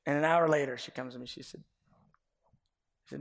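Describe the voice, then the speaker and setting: A middle-aged man preaching a confessional sermon as pastor, earnest and swinging between loud and hushed. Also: medium pitch, fairly even intonation, fairly quick, creaky. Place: church sanctuary. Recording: echoey hall with long reverb.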